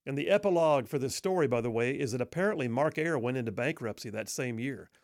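A man's voice: medium pitch, expressive, fast, dry recording, studio quality. Wry man telling a folksy story. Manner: wry, self-deprecating, folksy. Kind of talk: humorous personal storytelling.

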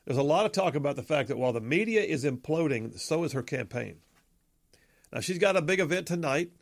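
A man's voice: fairly high pitch, expressive, a little fast, creaky, no room sound. A man hosting a casual political talk show, chatty and opinionated with joking asides.

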